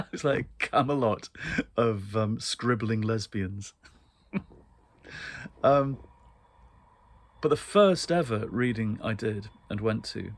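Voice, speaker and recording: This host, a man from northeast England, chats his way through casual, wry stories about book events, punctuated by laughter and ums. Lowish voice, no echo.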